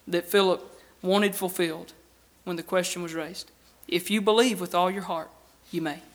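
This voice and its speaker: A man delivers a sermon in a church, his voice high and bright. He preaches earnestly, pressing rhetorical questions and swinging from forceful emphasis to hushed lines. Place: church building with a baptistry.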